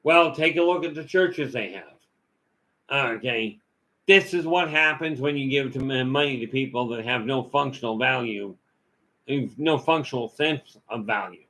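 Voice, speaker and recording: Man, folksy storyteller, casual rambling monologue, middle-pitched voice. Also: a little slow, pushed and bright, poor audio. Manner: folksy, storytelling, many "you know" fillers. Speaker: vlog host. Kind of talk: rambling personal talk.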